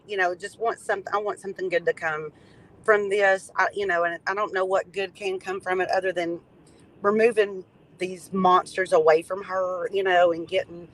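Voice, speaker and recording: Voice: mid-range voice, fairly bright tone, poor audio. Guest with a Tennessee drawl. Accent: Tennessee Southern. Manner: hesitant, halting, earnest. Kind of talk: casual chat.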